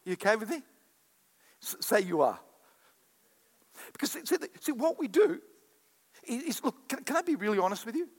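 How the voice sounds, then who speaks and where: A pastor with an extremely high, sing-song voice preaches to his congregation at a moderate pace, pausing often. He acts out quoted voices and calls back to the crowd, all in an echoey hall with long reverb.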